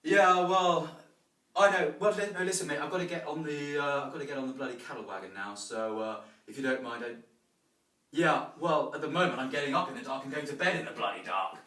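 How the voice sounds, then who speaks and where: A man's voice: fairly high pitch, a little fast, bright, forceful tone. A man doing a posh bloke on the phone. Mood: chatty. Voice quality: chummy posh banter. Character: posh young London man on his phone, blustering. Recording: roomy sound from a distant mic.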